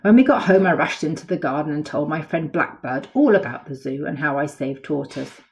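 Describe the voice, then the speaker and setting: A woman reads a picture book aloud to young children, her voice sitting a little low. She reads with lively expression and stops now and then to point out the pictures. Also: a little fast, gravelly. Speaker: storyteller.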